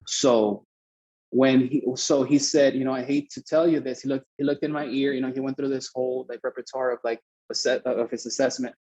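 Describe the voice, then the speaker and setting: A young adult man from Mexico, a podcast guest telling a story in casual talk, animated and swearing as he acts out both sides of the conversation. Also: medium pitch, moderate pace, highs cut off.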